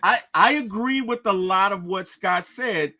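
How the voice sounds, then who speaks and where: A man's voice: sits high, unhurried, sharp tone. A man co-hosting a casual sports podcast, joking and stammering when put on the spot. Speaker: podcast co-host.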